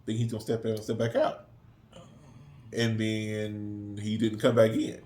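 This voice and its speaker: A middle-aged man casually telling a story, acting out quoted voices in an animated way. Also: fairly low pitch, unhurried. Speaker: co-host.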